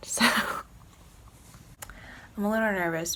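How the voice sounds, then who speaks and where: Young woman book vlogger, dramatic and emotional, mid-pitched, faint hiss behind. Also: very animated, fairly quick, pauses often, a bit bright. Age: young adult. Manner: emotional, swearing, laughing, dramatic ranting. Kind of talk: casual vlog chat.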